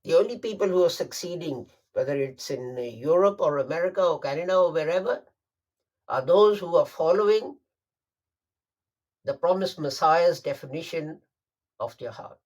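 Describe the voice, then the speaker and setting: A man delivering a Friday sermon, emphatic and deliberate, repeating phrases for stress. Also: on the high side, darkish tone, lo-fi sound. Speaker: preacher.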